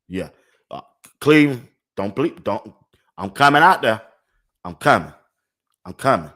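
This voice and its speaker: A man's voice: mid-range voice, a bit bright. An older man hosting a casual sports talk livestream. He laughs often and repeats phrases over and over. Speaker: sports talk show host.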